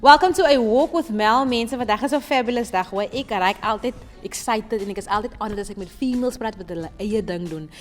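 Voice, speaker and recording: A woman's voice: on the high side, fast, hardly any pauses, in a large hall, soft background music. A woman host, interviewing upbeat and encouraging, switching between English and Afrikaans. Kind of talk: casual interview.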